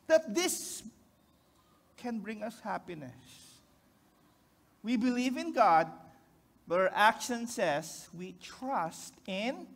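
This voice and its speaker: Filipino male pastor with a very high voice, chatty joking sermon that keeps checking in with the congregation. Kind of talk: conversational sermon.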